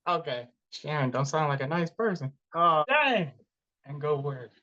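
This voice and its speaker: A man co-hosting a casual movie podcast, animated and often laughing. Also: a little high, unhurried. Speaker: podcast co-host. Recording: dull lo-fi podcast audio.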